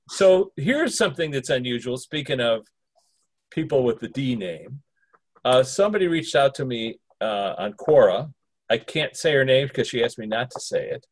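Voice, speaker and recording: A man's voice: medium pitch, breathy edge, no room sound. A man co-hosting a podcast in casual chat, playful and joking, often laughing. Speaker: podcast co-host.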